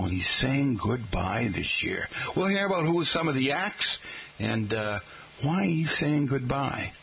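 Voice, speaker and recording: A man's voice: medium pitch, a bit bright, breathy edge. A middle-aged man with a Boston accent, hosting a live local radio show in a chatty, folksy way and calling his listeners folks. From Massachusetts. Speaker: radio host. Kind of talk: live radio talk segment. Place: radio studio in a restaurant.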